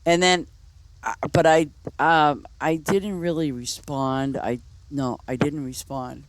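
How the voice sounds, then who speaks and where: A woman's voice: sits low, steady tone, takes it slowly. Rambling woman streamer telling stories. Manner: rambling, lots of "you know" and restarts. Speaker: game streamer. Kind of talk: casual storytelling chat.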